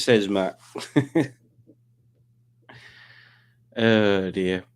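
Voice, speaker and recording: A man's voice: mid-range voice, expressive, measured pace. A man hosting a live quiz stream, rambling casually and reading out viewer comments. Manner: rambling, reads out chat comments.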